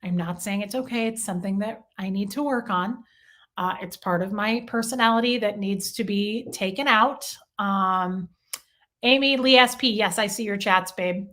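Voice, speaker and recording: A young adult woman chatting casually on a live stream, animated and self-deprecating, talking straight to viewers in the chat. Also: mid-range voice, moderate pace.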